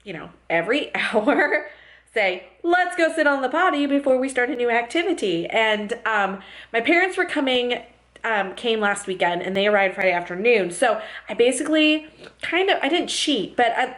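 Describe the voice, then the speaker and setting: A woman's voice: fairly high pitch, fairly bright tone. A young woman vlogging in casual chat, chatty, laughing often and putting on voices when she quotes people.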